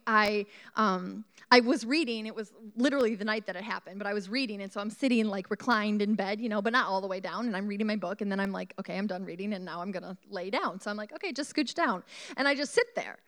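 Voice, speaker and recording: A woman preaching a sermon, telling a personal story in an animated way and asking the congregation questions. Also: a little high.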